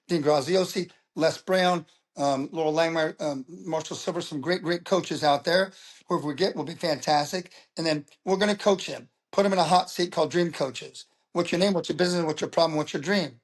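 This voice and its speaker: Middle-aged male coach as interview guest; a touch high-pitched, lively, tripping over his words. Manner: animated storytelling with frequent stammered restarts. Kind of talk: casual interview talk.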